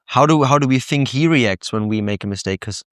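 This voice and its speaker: A man hosting a podcast in a steady mid-range voice. He reflects aloud and asks his guest questions. The recording is dry and close. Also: mid-range voice, fairly quick, no room sound. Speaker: podcast host. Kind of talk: conversational podcast interview.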